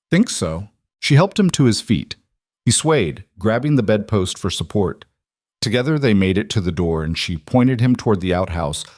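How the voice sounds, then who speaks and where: Brief: male audiobook narrator, lowish voice, steady storytelling, dry close sound. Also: dry recording.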